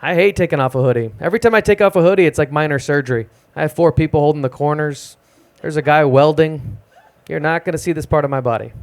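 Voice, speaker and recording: Deadpan young comedian on a club stage. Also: male voice, on the high side, quick pace, hardly any pauses. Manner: deadpan, self-deprecating delivery. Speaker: stand-up comedian. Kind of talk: stand-up set at an open mic. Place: small live music club stage.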